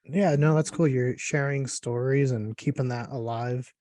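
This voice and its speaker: Mellow-voiced man hosting a casual chat. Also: medium pitch, measured pace, no echo. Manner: relaxed, rambling with many fillers. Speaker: podcast host.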